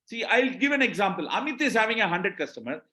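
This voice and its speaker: A man's voice: sits high, sing-song, fast, pushed and bright, reverberant. A man from Tamil Nadu with an Indian English accent, giving a business training talk, repeating points and often checking that the audience is with him. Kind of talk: live webinar talk.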